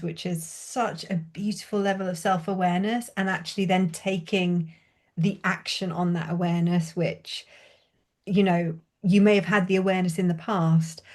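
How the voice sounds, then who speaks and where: A woman's voice: on the low side, darkish tone. A woman coach hosting an interview, enthusiastic and affirming, with casual swearing.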